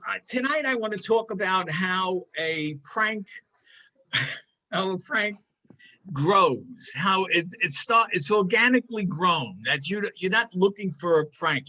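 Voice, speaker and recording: An older man telling a comic prank story on a talk show in a casual, animated way, acting out the other voices in it. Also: high voice, highs cut off.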